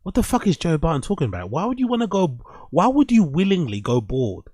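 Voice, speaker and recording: A man's voice: a little high, a little fast, dry recording. A man hosting his show, reacting to online clips in casual commentary, blunt and full of swearing. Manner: blunt, heavy swearing, animated mocking. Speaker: show host.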